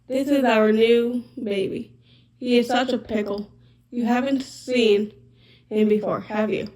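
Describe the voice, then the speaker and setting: A woman's voice: a little high, steady tone, unhurried, a little mellow, close to an everyday voice. Whispered role-play: a woman playing a fussy, talkative mother fox from a storybook. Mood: chatty.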